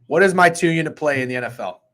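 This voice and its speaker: Excitable, foul-mouthed man hosting a betting show. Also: fairly high pitch, fast talker. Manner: excitable, profane and rambling. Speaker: sports betting show host. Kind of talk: casual sports betting chat.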